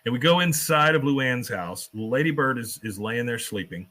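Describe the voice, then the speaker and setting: Guy doing a casual podcast recap, bright tone, keeps slipping into quick character voices. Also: mid-range voice, animated, a little hiss or hum. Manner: retells scenes, quoting characters in quick put-on voices; swears casually and laughs while telling. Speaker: podcast host recapping an episode. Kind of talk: casual chat.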